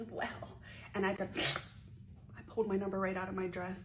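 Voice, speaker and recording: A woman's voice: medium pitch, completely flat delivery, moderate pace, very noisy. A young woman from the Pittsburgh area telling a personal story in a chatty, profane way, acting out quoted voices. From Pittsburgh area, USA. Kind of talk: casual storytime vlog.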